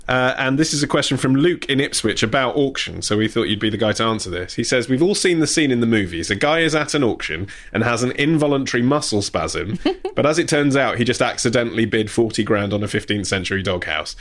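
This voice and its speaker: Fast wry man hosting a podcast. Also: medium pitch, animated, fairly bright tone. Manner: wry, joking. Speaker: podcast host. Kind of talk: casual chat. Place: indoors at a vintage car workplace.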